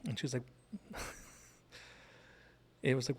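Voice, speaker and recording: A man's voice: medium pitch, little pitch movement, takes it slowly, pauses often, breathy edge. A man casually retelling a TV episode scene by scene, loosely acting out the characters' lines with many fillers. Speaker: show host.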